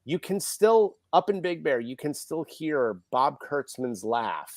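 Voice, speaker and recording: A man's voice: fairly high pitch, slow, slight background noise. A middle-aged man, a film director and podcast guest, telling a story and acting out the people he quotes. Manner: animated, acts out quoted people. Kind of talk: casual storytelling.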